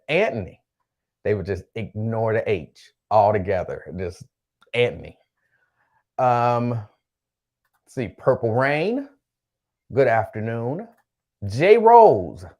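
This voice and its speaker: A man's voice: medium pitch, expressive, slow, darkish tone. Male host for a casual live-stream chat, laid-back, repeats himself, reads viewer names.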